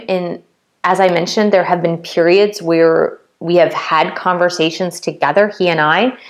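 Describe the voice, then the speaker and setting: A woman vlogging a heartfelt spiritual testimony, talking earnestly and casually, repeating phrases and filling gaps with "like", emotional and close to tears at times. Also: fairly low pitch. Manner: earnest, repetitive, many "like" fillers.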